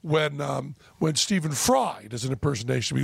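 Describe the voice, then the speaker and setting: A man's voice: mid-range voice, animated, normal speed, vocal fry, breathy edge, no room sound. A middle-aged man from New England hosting a casual backstage chat, blustering and swearing freely. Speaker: podcast host.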